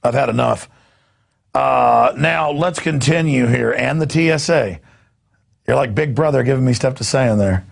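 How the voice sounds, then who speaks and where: A man's voice: mid-range voice, normal speed, creaky. A man hosting a news talk show, ranting with indignant sarcasm and repeating himself as he goes.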